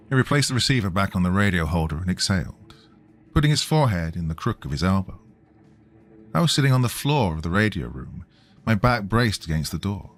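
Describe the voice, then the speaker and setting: Man, very deep voice, slow grave horror narration, faint music underneath. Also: very animated.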